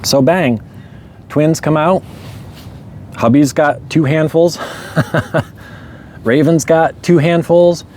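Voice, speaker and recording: A man telling a story in a relaxed, rambling way, chuckling often. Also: a little high, slow pace, long pauses, slight background noise. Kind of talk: casual storytelling monologue.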